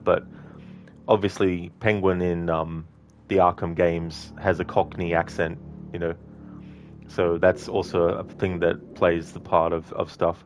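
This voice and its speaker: A man's voice: low-pitched, slight background noise. A man giving casual, rambling commentary over a game playthrough, laughing often. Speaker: game streamer.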